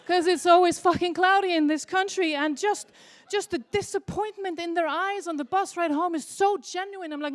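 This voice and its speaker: A young woman doing a stand-up comedy set on a convention stage, telling stories with loud excited outbursts. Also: very high-pitched, normal speed, few pauses. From Iceland. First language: Icelandic.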